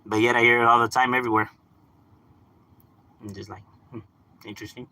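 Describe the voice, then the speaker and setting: A young man from Southern California chatting casually on a live stream, relaxed, swearing and laughing often. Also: mid-range voice, brisk, dry recording. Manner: laid-back, laughs often, drops swear words and slang. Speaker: livestream gaming host.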